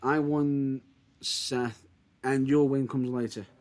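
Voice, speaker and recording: A man co-hosting a casual podcast chat, retelling events in an excitable, animated way. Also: medium pitch, slow pace. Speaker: podcast co-host.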